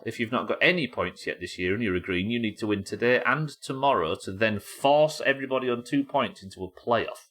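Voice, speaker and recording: On his live gaming stream, a man jokes with chat in a chatty, foul-mouthed manner. His voice is mid-range and a bit bright.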